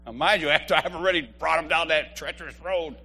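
A man in his fifties giving a humorous church testimony, an animated storyteller who laughs often. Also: on the high side, fast talker, husky.

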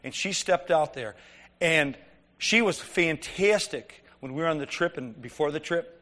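A man's voice: on the high side, expressive, measured pace, sharp tone, big-room sound. A man preaching a conversational sermon, telling stories and asking the congregation rhetorical questions.

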